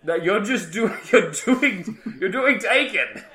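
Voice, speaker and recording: A man's voice: sits high, animated, takes it slowly, bright, forceful tone. A man improvising a comedy sketch as a pizza delivery guy, exasperated and laughing through lines.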